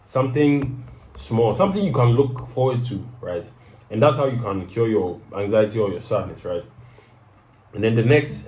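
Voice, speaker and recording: A man's voice: fairly low pitch, darkish tone, echoey room, rough recording. A young man hosting his own show, giving casual motivational advice and often tagging "right?" onto his sentences. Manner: conversational, peppers sentences with "right?". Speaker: host of a personal advice show.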